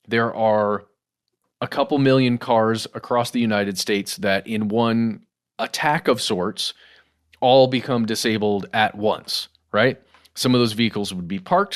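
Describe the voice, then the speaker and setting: Middle-aged guy co-hosting a podcast, lowish voice, chatty, keeps saying guys and y'all. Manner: conversational, addresses listeners as guys and y'all. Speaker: podcast co-host. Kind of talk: casual news discussion.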